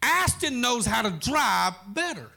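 A man's voice: very high-pitched, sing-song, unhurried, creaky, pushed and bright, faint music behind. A man preaching a sermon, telling a folksy story as pastor.

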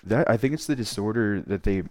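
Male podcast host, opinionated, excitable, very low voice, dry close sound. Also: fairly quick, no room sound. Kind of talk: casual chat.

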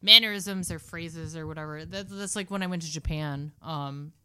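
A woman co-hosting a podcast in casual chat, telling animated stories and laughing often. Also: low-pitched, moderate pace, clear, resonant tone. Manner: animated storyteller, laughs often and mimics voices. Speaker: podcast co-host.

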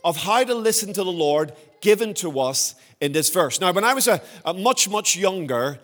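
Male preacher, mid-high voice, earnest sermon delivery with drawn-out emphasis. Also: animated, a bit bright. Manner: earnest, emphatic with slow stressed phrases.

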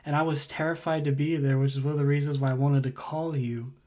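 A young man with a dark, mellow voice looks back on an old memory in casual chat. He speaks in a relaxed, reflective way with a few fillers. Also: on the high side, fast.

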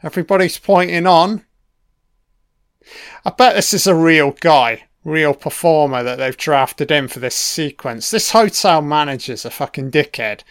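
A man's voice: on the high side, measured pace, clear, resonant tone, no echo, studio quality. A man giving a casual, laid-back film commentary, swearing often and talking back to the characters on screen.

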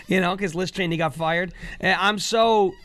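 A man co-hosting a casual political talk show, mocking and animated, who sometimes jumps into squeaky joke voices. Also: moderate pace. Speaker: co-host.

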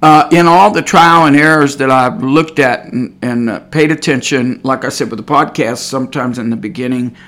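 A Texan man hosts a religious podcast, his mid-range voice carrying a fairly bright tone. He tells stories in a folksy, wandering style packed with fillers.

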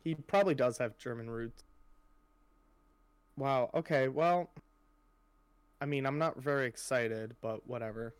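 A man's voice: medium pitch, unhurried, long pauses, clear, resonant tone, dry recording. A young man chatting casually on a podcast, rambling with lots of fillers and casual swearing. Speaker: podcast co-host. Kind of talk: casual chat.

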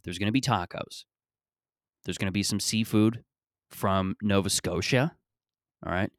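A man's voice: on the low side, a little slow, no room sound, clean studio sound. A man around thirty hosting his own podcast outdoors in a backyard, rambling and joking with a bit of profanity. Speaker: podcast host. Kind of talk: casual solo podcast monologue.

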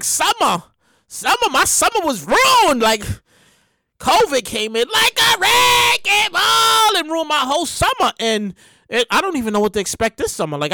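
A woman's voice: on the high side, pushed and bright, no room sound, studio quality. A woman delivering a casual comedic monologue, rambling, slangy and full of exclamations. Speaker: comedic storyteller.

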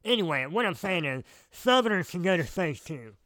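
A man co-hosting a casual podcast chat, relaxed and trailing off with fillers as he thinks. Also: sits high, normal speed, no echo. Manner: laid-back, trails off with fillers. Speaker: podcast co-host.

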